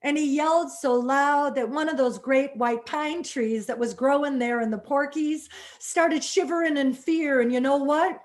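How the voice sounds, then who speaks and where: A woman's voice: sits high, fairly even intonation, moderate pace, hardly any pauses. A woman storyteller telling a folk tale dramatically, adding spoken sound effects.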